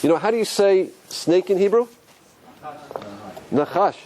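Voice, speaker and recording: A man's voice: a little slow, a little hiss or hum, poor audio. A man teaching a religious class as a rabbi, asking his listeners questions and swinging his voice up and down as he explains. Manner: animated, asks the audience questions, pitch swings up and down. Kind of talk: lively classroom lecture.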